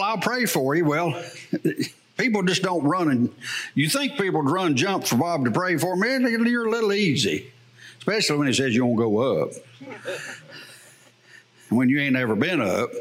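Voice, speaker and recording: A man preaching a sermon in church, telling folksy stories with a farmer's plain talk and frequent chuckles. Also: fairly high pitch. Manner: folksy storytelling with laughs. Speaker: pastor.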